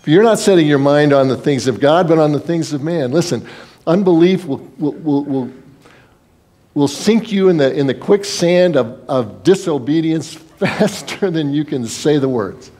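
A man's voice: fairly high pitch, expressive, normal speed, warm tone. A man preaching a sermon as pastor, in a conversational style, acting out quoted voices and sometimes repeating words.

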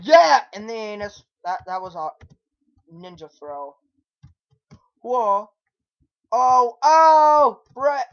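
A young man giving gameplay commentary, raging and swearing as he yells at the game. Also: very high-pitched, big pitch swings, extremely slow, pauses often. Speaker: gamer. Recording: lo-fi dull recording.

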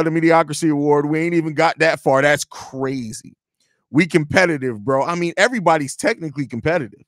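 A man hosting a live fan stream, talking in blunt, profane, animated banter and reading chat comments aloud. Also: fairly high pitch, dry recording, studio quality. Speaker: host of a Bulls fan show.

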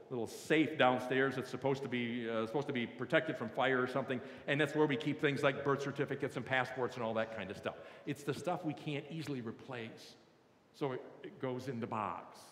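A man's voice: a little high, fairly bright tone. A male pastor giving a conversational sermon and leading the congregation in repeating a phrase. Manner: conversational, leads congregation in call-and-response. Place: large church hall. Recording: roomy hall with long reverb.

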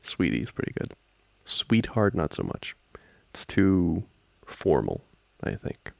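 Deep, creaky man in whispered role-play. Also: wildly swooping pitch, slow pace, no room sound. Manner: soft-spoken, playful, laughs often. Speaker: ASMR boyfriend role-play creator.

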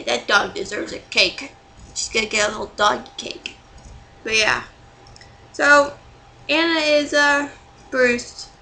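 A woman's voice: on the high side, sharp tone, slight background noise, poor audio. Exasperated young woman ranting on her vlog. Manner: exasperated, rambling, swears freely. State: still angry, bruised. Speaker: vlogger. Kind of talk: casual vlog rant.

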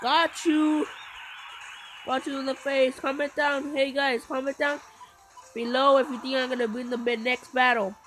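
A woman giving live commentary on her own gameplay, excitable and full of playful trash talk and sudden shouts. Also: high-pitched, a little slow, rough recording. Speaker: gameplay video host. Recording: game music playing behind. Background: game music.

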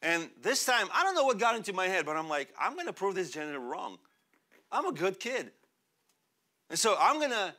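A young man born in Russia, a pastor preaching a sermon in a church, animated and chatty, laughing often and using many fillers. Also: high-pitched. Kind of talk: sermon with personal storytelling. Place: church sanctuary.

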